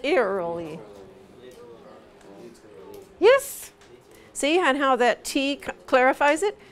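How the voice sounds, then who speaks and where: A woman teaching English pronunciation in a live lesson, patiently drilling vowel sounds slowly over and over. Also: high voice, big pitch swings.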